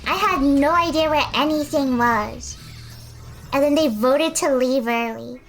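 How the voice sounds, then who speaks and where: A woman's voice: sits high, unhurried, soft background music. A woman streamer chatting casually while she paints, rambling and self-deprecating.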